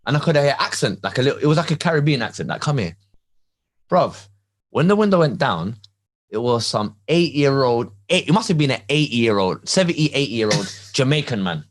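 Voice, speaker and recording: A man, co-hosting a casual chat and telling a story in an animated, laughing way full of slang. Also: medium pitch, fairly quick. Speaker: podcast co-host.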